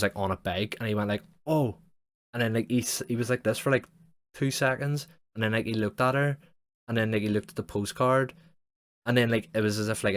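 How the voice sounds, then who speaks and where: Low-voiced sweary guy. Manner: rambling, sweary, heavy use of "like". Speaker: podcast host. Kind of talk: casual storytelling monologue.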